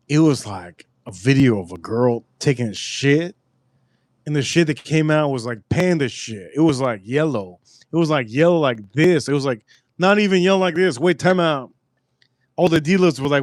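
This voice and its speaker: A man's voice: on the high side, expressive, moderate pace, dry recording, clean studio sound. Rambling, profane livestream host, a man. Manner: rambling storytelling, loud and profane. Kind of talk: casual livestream chat.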